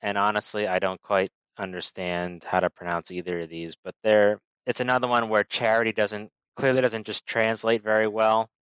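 A man co-hosting a casual chat, measured and thoughtful, asking questions. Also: on the low side, flat delivery, a bit bright, smooth, dry recording, low-quality recording.

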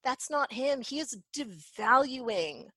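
Brief: woman commentator, swears and laughs a lot, a bit high, dry close sound. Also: slow pace, no echo. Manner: expressive, swears freely, laughs often, mocking quotes. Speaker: commentary host. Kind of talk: casual commentary rant.

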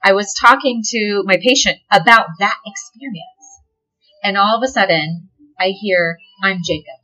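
Woman guest, animated storyteller, bright ringing voice, laughs a lot. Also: mid-range voice, moderate pace, muffled recording. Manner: animated, laughs often, swears casually. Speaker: podcast guest, delivery nurse. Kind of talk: casual chat, storytelling.

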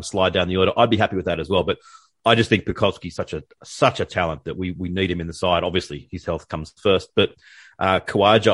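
A man's voice: sits low, no room sound, studio quality. A man co-hosting a cricket podcast, easygoing and hesitant, with frequent ums. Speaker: podcast co-host. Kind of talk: casual podcast chat.

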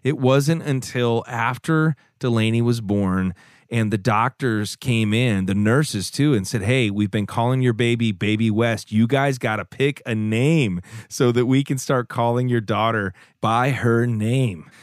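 A man in his thirties hosting a faith podcast, talking earnestly to his listeners and growing soft and emotional when moved. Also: mid-range voice, measured pace, no echo, clean studio sound. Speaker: podcast host. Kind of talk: warm call-in podcast talk.

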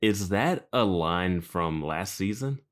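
A man's voice: low-pitched, lively intonation, takes it slowly. A man guesting on a podcast, chatty and asking questions in casual talk. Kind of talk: casual chat.

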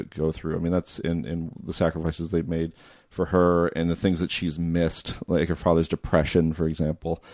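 A man's voice: low voice, warm tone, no room sound, clean studio sound. A middle-aged man hosting a casual film discussion, thoughtful and full of small restarts.

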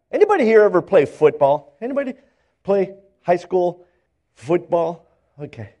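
An older male pastor preaching a sermon, telling stories in animated fashion and acting out the characters, often repeating words as he builds up. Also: sits high, normal speed, long pauses. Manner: animated storytelling, acts out characters, stammers repeats.

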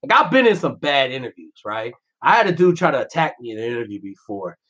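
Brash, animated man telling stories. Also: mid-range voice, fast. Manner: profane, brash, animated storytelling. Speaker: podcast guest, former Navy SEAL. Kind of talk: casual storytelling. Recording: dull lo-fi podcast audio.

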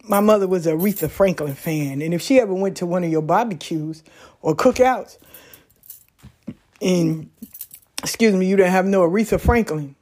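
A woman talking casually on a back porch outdoors, telling stories in a folksy, animated way. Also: medium pitch, moderate pace. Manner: folksy, animated storytelling with laughs. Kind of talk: casual monologue.

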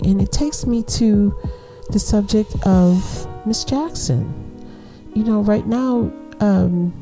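A middle-aged woman hosts her own podcast with a mellow, warm voice. She talks in a chatty, slangy way and laughs often. Soft music plays faintly behind her. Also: lowish voice. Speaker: podcast host. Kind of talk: casual advice monologue.

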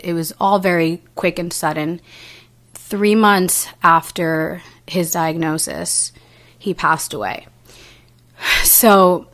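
A young adult woman telling a personal story as an interview guest, earnest and halting, with frequent restarts and fillers. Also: on the low side, fairly bright tone.

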